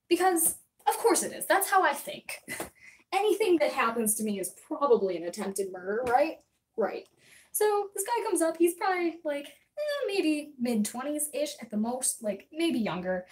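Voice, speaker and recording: A young adult woman livestreamer telling a story to her chat in a rambling, chatty way, full of quick asides. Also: sits high. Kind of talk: casual storytelling to live chat. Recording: voice a bit distant from the mic.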